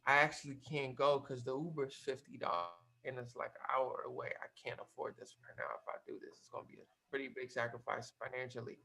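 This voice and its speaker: A man from Cape Verde telling a story in a casual interview, animated and slangy, swearing freely. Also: mid-range voice, rough recording. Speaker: guest.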